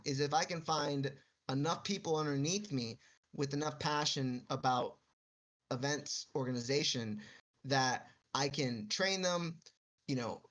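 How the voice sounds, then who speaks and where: A man who runs esports tournaments, chatting on a podcast. He jokes and boasts, then explains his plans in slow, careful detail. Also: a little high, fairly bright tone. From Texas. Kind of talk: casual podcast chat.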